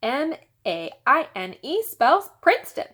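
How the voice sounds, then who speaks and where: A woman's voice: fairly high pitch, sing-song, measured pace. A woman voicing a cheeky preschool boy in a sugary, sing-song pleading voice. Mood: singsong.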